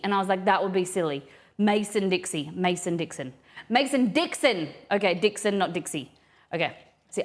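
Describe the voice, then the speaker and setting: A woman streaming a live cooking session, thinking aloud and rambling with many restarts as she works in a home kitchen. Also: medium pitch. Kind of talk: casual live cooking chat.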